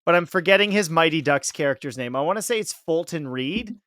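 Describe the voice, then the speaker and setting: A man's voice: fairly high pitch, lively intonation, fairly quick, a bit bright, dry recording, clean studio sound. Rambling male podcast host. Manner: rambling, searching for words. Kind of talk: casual podcast discussion.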